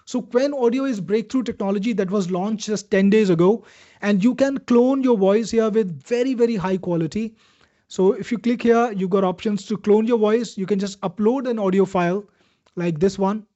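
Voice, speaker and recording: A man with an Indian accent runs a live software demo in a chatty, pitching way, calling out viewers by name. His voice sits fairly high but mellow and warm in tone. The webinar audio is dull and lo-fi. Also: normal speed. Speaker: webinar host demoing software.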